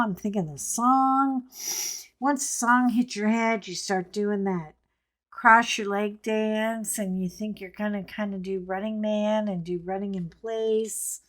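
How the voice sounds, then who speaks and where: Slow-talking chatty woman telling a story. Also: mid-range voice. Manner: chatty, rambling, playful asides to viewers. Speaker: host. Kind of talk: casual storytelling rant.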